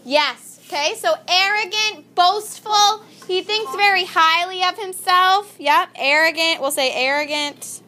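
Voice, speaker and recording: A woman's voice: very high voice, a little slow, hardly any pauses, pushed and bright. A woman teaching a vocabulary lesson in a classroom, upbeat and calling on students by name.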